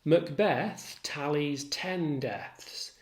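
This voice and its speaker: A male literature tutor with a slightly high voice works through his points one by one in a steady, methodical lecture. The sound bounces around a roomy, echoey space. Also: drawn-out words. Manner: methodical, listing facts one by one. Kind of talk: recorded lecture.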